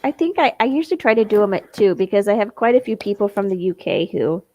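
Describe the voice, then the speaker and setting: A woman co-hosting a casual podcast chat, agreeable and quick with short replies. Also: medium pitch, lively intonation, darkish tone, dull audio, a little hiss or hum. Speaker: podcast co-host and class teacher.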